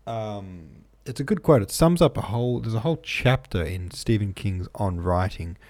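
A man hosting a podcast in a relaxed, chatty way, reading out listener comments with frequent ums, troubled by hiccups. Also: fairly low pitch, moderate pace. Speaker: podcast host.

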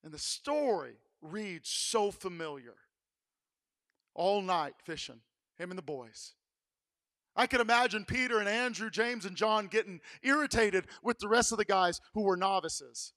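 A male pastor preaching a sermon in a church, telling the story dramatically and swinging between hushed lines and shouted ones. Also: high-pitched, measured pace.

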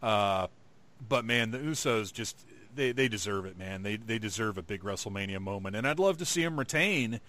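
A man's voice: on the low side, animated, normal speed, pushed and bright. A man co-hosting a casual chat, talking with enthusiasm and laughing easily. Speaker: podcast co-host.

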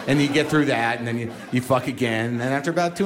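A man's voice: medium pitch, fast talker, hardly any pauses, noisy background. Ranting stand-up comic, man. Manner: ranting, self-mocking, swings between mutter and shout. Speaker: stand-up comedian. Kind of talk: stand-up comedy routine.

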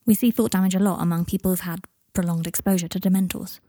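Woman reading plain-talking wizard cop guy, blunt, husky-ish voice. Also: fairly low pitch, fairly even intonation, fast talker, mellow, no echo, studio quality. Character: plain-spoken male wizard auror. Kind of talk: audiobook reading.

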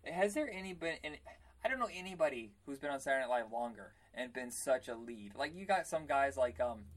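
A man's voice: mid-range voice, big pitch swings, brisk. A man co-hosting a casual chat podcast, rambling with lots of fillers and poking fun at himself. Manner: rambling, self-deprecating, many fillers. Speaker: podcast co-host.

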